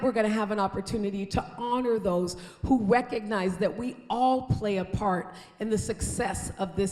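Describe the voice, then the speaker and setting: A woman's voice: medium pitch, darkish tone. Woman mayor giving a rallying theater speech. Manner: rallying, earnest, calls out to the audience. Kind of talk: public speech at an awards ceremony. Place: large historic theater. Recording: roomy theater with long reverb.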